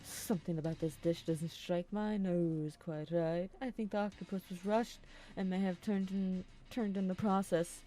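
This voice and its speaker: A woman voicing a grandiose male cooking student in a flat monotone while playing a visual novel with friends. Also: on the low side, normal speed, faint music behind, natural voice, poor audio. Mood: wary. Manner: grandiose boasting.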